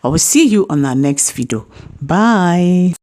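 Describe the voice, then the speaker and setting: A woman's voice: on the low side, expressive, unhurried, darkish tone. A woman hosting a gossip channel, giving preachy advice and speaking directly to viewers. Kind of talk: commentary and sign-off.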